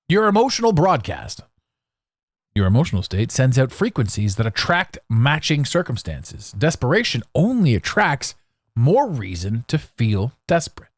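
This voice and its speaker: Male podcast host, solo monologue; lively pitch, blunt and sarcastic, dry close sound. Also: moderate pace, no echo. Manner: animated, blunt and sarcastic, with restarts.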